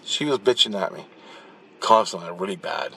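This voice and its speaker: A man's voice: deep voice, moderate pace, a little hiss or hum. Blunt, profane man telling a story. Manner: profane, blunt, with frequent restarts and repeated words; animated, acting out the action as he tells it. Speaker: channel host recounting spirit-world dreams. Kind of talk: casual rambling storytelling.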